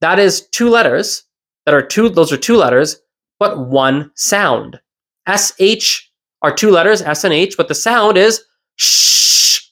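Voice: medium pitch, expressive, a little slow, fairly bright tone. Podcast language teacher explaining patiently. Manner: explanatory, repeats key points, asks rhetorical questions. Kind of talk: solo educational podcast.

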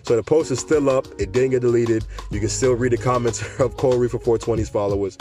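A man's voice: medium pitch, brisk, soft background music. Laid-back joking podcast host, man. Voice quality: laid-back and joking, laughs between lines. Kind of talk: casual podcast monologue.

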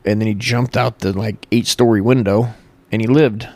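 A man's voice: lowish voice, steady tone, moderate pace, darkish tone. A man rambling through a crude, profane comic monologue, stumbling and correcting himself as he goes.

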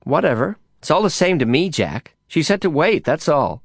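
A man's voice: a little high, sing-song, normal speed, no echo, clean studio sound, pitched above the performer's own voice. A man voicing a bored, impatient young doorkeeper with an offhand, dismissive manner.

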